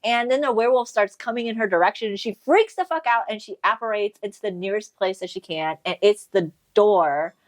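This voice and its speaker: A woman's voice: medium pitch, a little fast, few pauses, no echo. A woman co-hosting a podcast, casually retelling a story, acting out the characters' lines and swearing freely. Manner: animated storytelling, acts out quotes, swears freely. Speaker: podcast co-host. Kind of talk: casual book recap chat.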